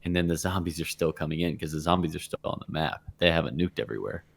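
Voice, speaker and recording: A man's voice: rumbling low, lively intonation, fast talker, vocal fry, slightly rough. A man co-hosting a casual gaming podcast in a laid-back way, trailing off his thoughts. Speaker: podcast co-host.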